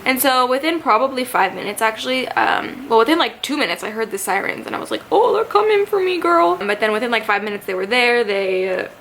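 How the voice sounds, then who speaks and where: A young woman in her twenties telling a story to camera in a chatty, animated way, with lots of fillers. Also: on the high side, quick pace, few pauses, a little hiss or hum. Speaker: vlogger.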